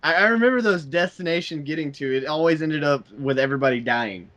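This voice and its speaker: Fast, blunt young co-host, teasing, a bit high. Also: male voice, lively intonation, fairly bright tone. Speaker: podcast co-host. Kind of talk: casual gaming chat.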